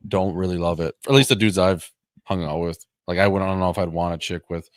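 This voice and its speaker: A young man with a deep voice, co-hosting a casual podcast. He rambles quickly through loose, joking chat, full of fillers. His voice is recorded close and dry. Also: no echo. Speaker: podcast co-host.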